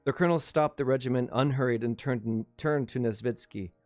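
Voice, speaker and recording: A man's voice: medium pitch, a little fast, darkish tone, dry recording, faint music behind. Man reading a novel aloud. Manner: casual asides to chat, small restarts. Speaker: livestream book reader.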